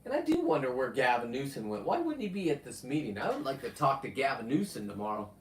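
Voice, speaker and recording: A man in his fifties talking casually on a live stream, rambling with loud outbursts and frequent swearing. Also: mid-range voice, big pitch swings, fast, a little hiss or hum. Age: 50s. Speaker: livestreamer reading viewer comments. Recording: echoey, distant from the mic.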